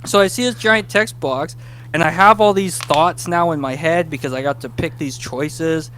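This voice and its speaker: A man, a guest writer, telling a casual interview story, animated and self-deprecating about his nerves. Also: a little high, slight background noise. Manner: animated, acts out his past self in quick bursts.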